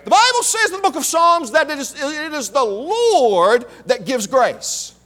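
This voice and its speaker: A male preacher delivering a sermon in a strikingly high, bright voice. He speaks slowly and emphatically, and his pitch swings widely. He keeps repeating key phrases and calling out to the congregation. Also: sing-song.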